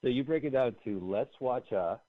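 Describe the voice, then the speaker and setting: A man's voice: medium pitch, normal speed, dry recording. A man hosting a podcast in casual chat, joking around and rambling through plugs and announcements. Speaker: podcast host. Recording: phone-like dry line.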